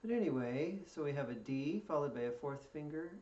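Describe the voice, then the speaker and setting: A man's voice: on the high side, expressive, fairly quick, dark tone. A man teaching fiddle step by step, patiently explaining notes and counting in before each play-through. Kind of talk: step-by-step music lesson. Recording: echoey room, distant mic, dull sound. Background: fiddle playing.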